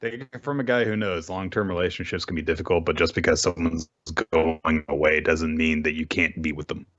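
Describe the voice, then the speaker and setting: A man's voice: rumbling low, muffled recording. A man co-hosting a casual talk show, recapping manga chapters and acting out characters' lines as he goes. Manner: animated, acts out characters' lines in quick voices, laughs often. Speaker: podcast co-host.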